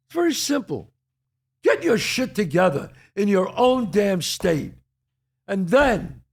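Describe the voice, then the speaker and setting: A man's voice: sits high, vocal fry, a little mellow. An older American man hosting his own show, delivering a heated, profane solo rant full of rhetorical questions. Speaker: podcast host.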